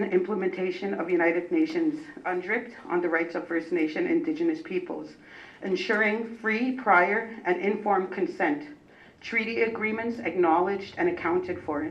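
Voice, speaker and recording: A woman's voice: lowish voice, a bit bright. A woman activist on a public panel, reading a prepared statement as a firm, declarative list of demands. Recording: roomy, distant, dull lo-fi sound.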